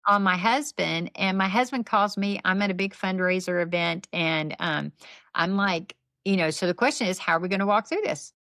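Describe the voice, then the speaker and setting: A middle-aged woman guest telling lively, faith-based stories and acting out what people said in casual conversation. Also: mid-range voice, moderate pace, no echo. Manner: animated, faith-based storytelling with acted-out quotes. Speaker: podcast guest, nonprofit founder. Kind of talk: conversational storytelling.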